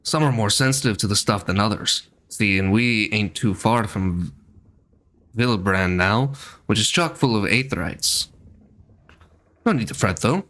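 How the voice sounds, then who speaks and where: A man voicing a chatty sailing merchant in a rough folksy accent he admits he is not good at. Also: fairly low pitch, animated, unhurried, fairly bright tone. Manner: homely, colloquial, slightly clumsy put-on accent.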